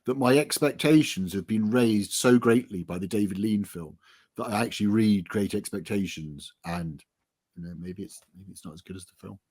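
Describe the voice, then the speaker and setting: A man's voice: fairly low pitch, normal speed, a little mellow. A man being interviewed as an author, chatting casually in a self-deprecating, rambling way. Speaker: author guest.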